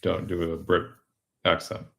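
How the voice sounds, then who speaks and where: Brief: American man, stream co-host, very low gravelly voice, stops and restarts a lot. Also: monotone, a little slow, fairly bright tone. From United States. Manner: hesitant, repeats words, short agreeing replies. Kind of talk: casual chat.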